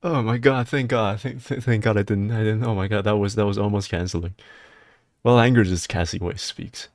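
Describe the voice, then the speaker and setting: Deep-voiced male streamer, casual and rambling. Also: brisk, no echo, clean studio sound. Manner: excitable, rambling, breaks into laughter and high-pitched disbelief. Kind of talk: casual live-stream chat.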